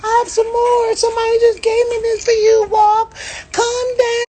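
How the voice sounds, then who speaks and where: A man doing a frantic shrill soothing woman. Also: moderate pace, slight background noise. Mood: pleading. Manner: high, pleading, repeats calm down. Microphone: phone on a livestream.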